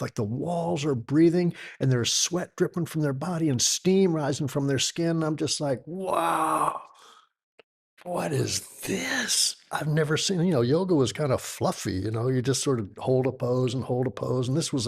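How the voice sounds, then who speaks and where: 60-something texas guy telling yoga stories, lively, acts out the voices, average pitch. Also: creaky, husky. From Texas, United States. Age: 60s. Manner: animated storyteller who acts out quoted voices. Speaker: yoga teacher, podcast guest. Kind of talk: storytelling in a conversational interview.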